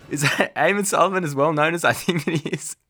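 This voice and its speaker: A man's voice: fairly high pitch, sharp tone, full character voice. A man impersonating a cheesy male celebrity athlete selling products in a comedic ad parody. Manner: salesy, goofy, laughs at himself.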